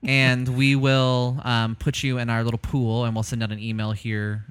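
A man's voice: mid-range voice, level tone, normal speed, very noisy. A man co-hosting a live show, chatting casually with a crude, joking, rambling manner full of ums. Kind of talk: casual banter.

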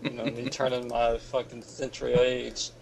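A man co-hosting a casual talk show, crude and quick to swear. His voice is gravelly, with a lot of fry. A faint noise hums behind him. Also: medium pitch, flat delivery, a little mellow, low-quality recording. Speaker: podcast co-host. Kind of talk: casual chat.

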